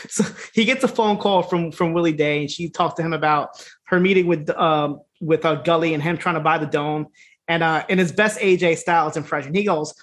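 A man's voice: on the high side, moderate pace. A man co-hosting a podcast, recapping a wrestling series in a casual, profane way and acting out what the characters say. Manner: laid-back, profane, laughing, acts out quotes in animated voices. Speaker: podcast co-host.

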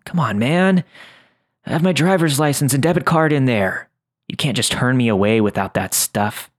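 A man voicing a frantic, grimy older drifter, with a raspy voice, in a horror story reading. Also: mid-range voice, normal speed, voice pushed up, lightly acted. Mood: urgent.

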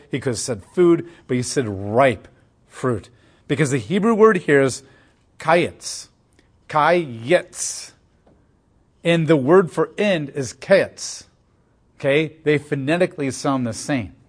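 A man teaching verse by verse through a Bible passage, explaining in a conversational way with playful voiced asides. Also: fairly high pitch.

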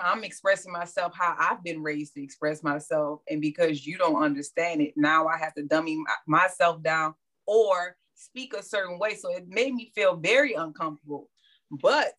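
Guest, woman, low-ish voice, New Orleans accent, reflective. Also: a bit bright. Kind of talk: casual chat.

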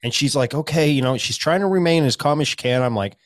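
A man's voice: mid-range voice, fast, no echo, clean studio sound. A man co-hosting a podcast, telling a rambling, profane story in casual chat. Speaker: podcast co-host.

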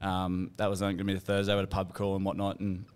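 Fast-talking Australian bloke, smooth voice. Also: male voice, sits low, completely flat delivery. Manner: quick, chatty yarn-spinner. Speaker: podcast co-host. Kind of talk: casual storytelling among mates.

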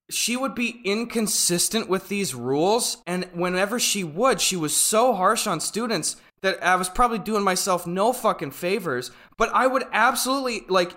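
A young man co-hosting a casual podcast, ranting animatedly and swearing. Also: high voice. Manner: animated, swearing, rants loudly. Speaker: podcast co-host. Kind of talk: casual chat.

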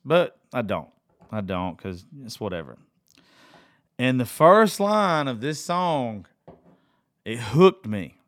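A man's voice: mid-range voice, lively intonation, takes it slowly, pauses often, dry recording, studio quality. Casual rambling man. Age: middle-aged. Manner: casual, emotional, swears freely, rambling. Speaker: vlogger. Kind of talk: emotional personal storytelling.

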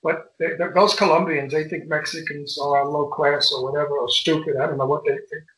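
An older man as an interview guest, telling bawdy stories in a lively, animated way over a remote call. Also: on the high side, fairly quick, crowd noise. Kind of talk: casual interview chat. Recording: echoey room.

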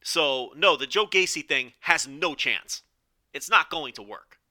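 Hoarse opinionated podcast host, bright voice. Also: male voice, fairly high pitch, lively intonation, a little slow. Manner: opinionated, rambling with restarts and "okay?" asides. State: losing his voice, strained. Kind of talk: solo podcast commentary.

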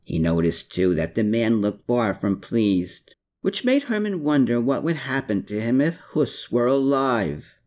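A man reading a novel aloud in a measured storytelling manner. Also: medium pitch, big pitch swings, darkish tone. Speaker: audiobook narrator. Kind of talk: scripted narration.

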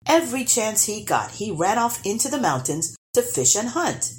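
A woman reading a children's storybook aloud, expressive and lively. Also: mid-range voice, moderate pace. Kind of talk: storybook read-aloud narration.

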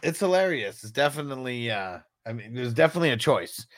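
A man's voice: medium pitch, expressive, fast talker. A man co-hosting a casual movie review, laughing often and mimicking punch sounds. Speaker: podcast co-host.

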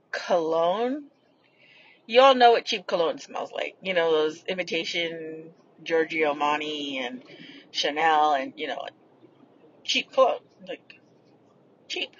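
A woman's voice: fairly low pitch, a bit bright, slightly rough, muffled recording. A woman hosting a podcast, casually telling stories in a rambling way and swearing freely. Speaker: podcast host. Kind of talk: casual storytelling.

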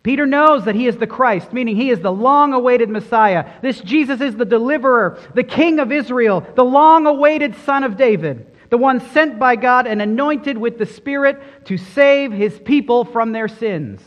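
A pastor preaching a sermon, earnest and emphatic, pressing hard on key words. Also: male voice, very high voice, normal speed, hardly any pauses. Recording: dull sound with long hall reverb.

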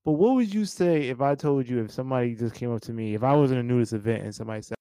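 A man with a smooth, resonant voice chats as an interview host, asking frank questions in a rambling way. He laughs often and restarts his sentences as he thinks aloud. The sound is close and dry. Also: medium pitch, fast, few pauses, a little mellow, no echo, poor audio. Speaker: podcast host. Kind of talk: casual interview chat.

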